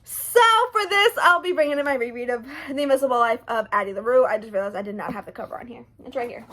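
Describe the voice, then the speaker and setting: A chatty young woman talks straight to the camera about her reading plans. Her voice sits a little high, and she speaks in a lively, animated way, tossing in quick asides. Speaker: book vlogger. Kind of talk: casual chat to camera.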